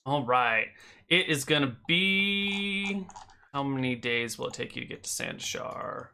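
Bright-voiced male game master. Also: mid-range voice, unhurried, vocal fry, a little hiss or hum. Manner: relaxed, hesitant with fillers. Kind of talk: narrating a tabletop game.

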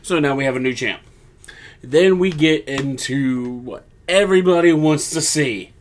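A man's voice: a little high, unhurried. A young man co-hosting a podcast, recapping events in casual chat and acting out other people's lines as he tells the story. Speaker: podcast co-host.

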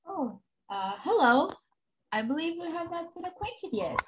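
A woman's voice: extremely high pitch, very animated, measured pace, lo-fi sound, noisy background, heavily acted. A woman playing a stiffly formal man.

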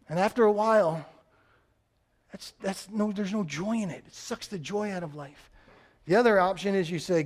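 High-voiced man preaching a sermon. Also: normal speed. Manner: conversational, repetitive emphatic preaching. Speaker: pastor.

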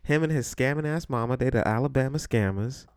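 Talking fairly quickly in a clean, medium-pitched voice, a young Bronx podcast host runs a casual solo show, joking, swearing and laughing bluntly as he tells stories. The sound is dry, clean studio audio.

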